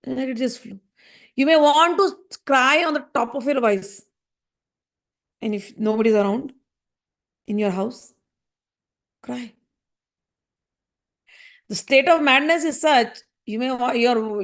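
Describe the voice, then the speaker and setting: A woman giving a spiritual discourse, earnest and gently reassuring, repeating her points. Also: fairly high pitch, unhurried, long pauses. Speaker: spiritual teacher.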